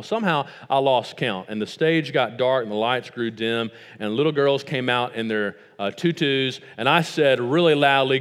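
A man's voice: medium pitch, fairly bright tone, big-room sound. A man in his thirties with a West Tennessee accent, preaching a sermon with stories and rhetorical questions that build to emphatic points. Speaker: pastor.

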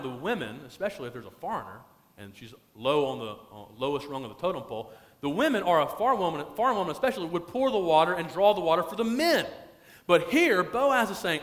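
A man preaching a sermon as pastor, stretching key phrases out slowly for emphasis. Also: sits high, a bit bright, long reverb tail.

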